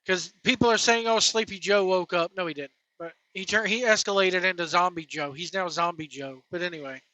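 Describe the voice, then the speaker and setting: Host on a rant: bright, forceful voice, blunt and scornful, trading insults. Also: medium pitch, brisk, no room sound, low-quality recording. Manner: blunt, scornful, name-calling. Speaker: wrestling commentary host. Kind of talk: opinionated rant.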